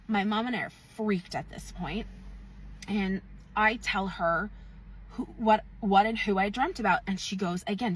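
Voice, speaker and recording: Husky woman telling a spooky story. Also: medium pitch, a little slow, recorded from a distance. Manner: earnest, emphatic disbelief. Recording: dry, a bit off-mic.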